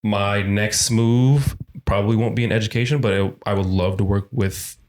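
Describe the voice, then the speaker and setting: A man's voice: on the low side, fairly even intonation, moderate pace, a little mellow. A young adult man talking earnestly in a casual podcast chat, restarting his sentences as he thinks.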